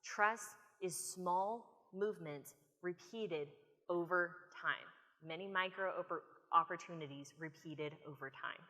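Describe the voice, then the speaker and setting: An American woman speaker giving an animated, storytelling conference talk from a stage. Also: on the low side, unhurried. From United States. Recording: long reverb of a conference hall.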